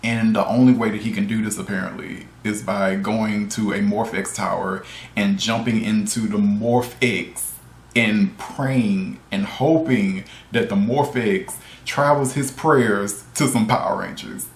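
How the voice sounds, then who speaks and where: A man's voice: fairly low pitch, fairly even intonation, a little slow. A man giving a casual, ranting video review, incredulous and exasperated, repeating himself, cursing and laughing. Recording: roomy echo.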